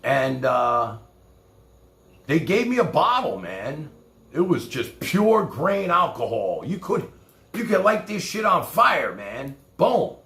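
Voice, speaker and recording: A man's voice: on the high side, sing-song, slow pace, fairly bright tone, reverberant. A man from New York with a New York accent, telling rambling, profane stories in casual talk as a streamer. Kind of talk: casual storytelling.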